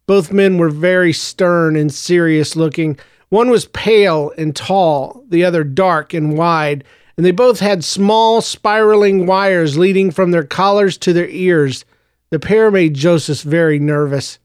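A male narrator reading a story with a steady, even delivery. His voice is high for a man and smooth, and the recording is close and completely dry. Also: measured pace, dry recording. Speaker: audiobook narrator.

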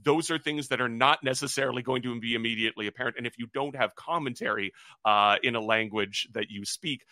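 A man co-hosting a wrestling podcast, speaking in a measured, articulate way with many "uh" pauses. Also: medium pitch, sharp tone, no echo. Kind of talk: casual preview chat.

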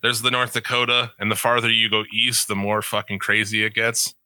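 A man's voice: fairly low pitch, completely flat delivery, fairly quick, sharp tone, no echo, poor audio. A young man with an Upper Midwest American accent, hosting a podcast in loose, profane chat, laughing often. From Upper Midwest United States. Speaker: podcast host. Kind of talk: casual chat.

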